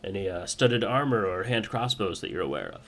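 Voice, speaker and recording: A man voicing a gruff, armored male guard of a thieves' guild in a tabletop game, speaking plainly and matter-of-factly. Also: low voice, big pitch swings, fairly quick, fairly bright tone, full character voice.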